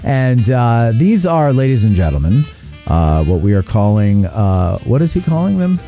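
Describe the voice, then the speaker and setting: A man's voice: fairly low pitch, big pitch swings, normal speed, dark tone, soft background music. A man hosting a live show in casual chat, joking and chatty with a lot of fillers. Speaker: host.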